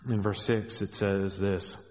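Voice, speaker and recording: A middle-aged man preaching a sermon as a pastor, animated, with joking asides, swinging between hushed and raised delivery. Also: low-pitched, a little slow. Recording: long hall reverb.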